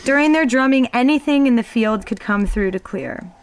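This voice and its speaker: A woman talking reflectively about spiritual experiences in a casual conversation, often pausing with ums. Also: a little high, animated. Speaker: guest sharing spiritual experiences.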